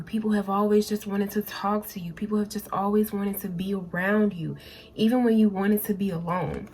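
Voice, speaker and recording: A woman's voice: medium pitch, steady tone, normal speed, a little mellow. A woman giving a pick-a-card tarot reading, talking casually and directly to her viewers and often repeating her phrases. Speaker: tarot reader.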